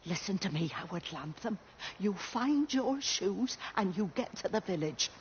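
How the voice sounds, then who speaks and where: A woman's voice: medium pitch, expressive, unhurried, muffled recording, slight background noise, natural voice. An actress voicing a firm, scolding older village woman, searching for her son in a video game. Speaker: game character.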